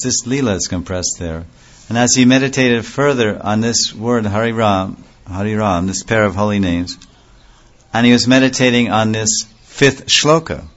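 A man's voice: fairly low pitch, highs cut off. A man giving a devotional lecture in a conversational way, asking rhetorical questions and answering them himself. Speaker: religious speaker.

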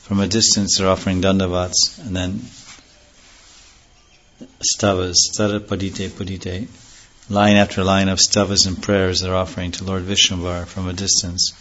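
Deep, flat-voiced man giving a devotional lecture. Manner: chants verses slowly, then explains them earnestly. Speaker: spiritual teacher. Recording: dull lo-fi recording.

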